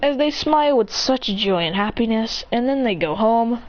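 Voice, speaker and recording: Woman telling a made-up fan story all excited, high lively voice, muffled audio with loud music. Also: normal speed. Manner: excited, with acted shouts and self-corrections. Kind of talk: improvised fan-story narration.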